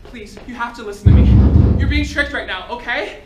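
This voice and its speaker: A woman's voice: a little high, normal speed, dull audio, close to an everyday voice. A woman playing a disgraced young detective on stage, pleading and prone to emotional outbursts. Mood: urgent. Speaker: stage performer. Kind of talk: live solo stage play. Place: college stage. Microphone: far camera. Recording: distant echoey stage recording with loud music.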